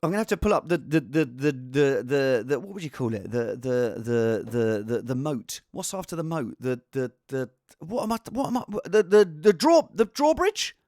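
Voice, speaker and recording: A man hosting a casual fantasy football show, rambling and animated, with a self-mocking tone. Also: a little high, moderate pace, dry recording, studio quality. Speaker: host.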